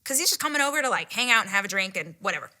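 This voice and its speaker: A middle-aged woman excitedly retelling a personal story, breathless and giddy, sometimes dropping into whispered asides. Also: mid-range voice, racing. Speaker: podcast host retelling a date story.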